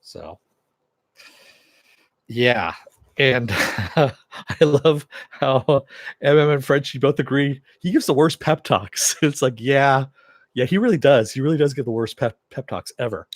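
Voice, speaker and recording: A man's voice: medium pitch, lively intonation, unhurried, long pauses, no room sound, clean studio sound. Chatty man recapping a TV episode. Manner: chatty, chuckling, acts out characters' lines with raised voice. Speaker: TV episode reviewer.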